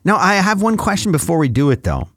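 A man co-hosting a podcast, chatting casually and making mock-serious, deadpan points. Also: sits high, quick pace, no echo, clean studio sound. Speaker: podcast co-host. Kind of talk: casual comedic banter.

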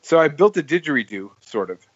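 A man's voice: a little high, very animated, a little fast, slightly rough, dry recording, soft background music. Podcast host, man, rambling storyteller, dry slightly dull recording. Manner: rambling, full of "like" and restarts, laughs while telling stories. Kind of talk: casual storytelling chat.

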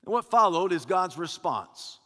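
A man preaching a sermon with emphatic, rhythmic repetition that swells toward shouting. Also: high voice, sing-song, a little slow, big-room sound.

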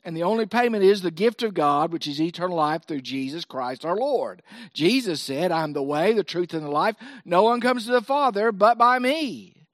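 A man's voice: sits high, lively intonation, moderate pace, fairly bright tone, no echo, studio quality. A man preaching a sermon as a pastor, building his points through emphatic repeated phrases.

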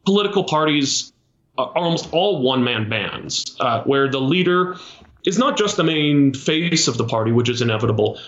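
The leader of a small political party, a Canadian man, answers interview questions in a measured way, though with many fillers and restarts. His mid-range voice is animated and a bit bright. The audio sounds roomy and dull.

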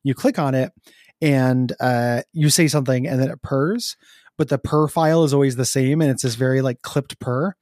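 A man co-hosting a casual gaming podcast, talking in halting bursts with fillers, restarts and frequent laughs. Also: mid-range voice, steady tone, darkish tone, no room sound, studio quality. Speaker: podcast co-host. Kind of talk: casual chat.

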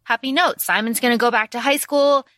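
A woman co-hosting a book podcast, recapping the plot in animated casual chat with many fillers. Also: on the high side, brisk, no echo. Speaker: podcast co-host.

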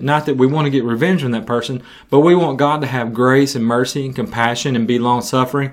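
A man preaching a sermon, retelling scripture in an animated storytelling way with frequent restarts. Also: medium pitch, fast, hardly any pauses.

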